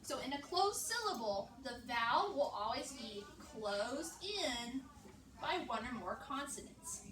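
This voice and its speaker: A woman teaching young children a reading lesson in a classroom, upbeat and encouraging, speaking slowly and clearly. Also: sits high, big pitch swings, crowd noise. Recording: echoey classroom, far-off mic, background noise.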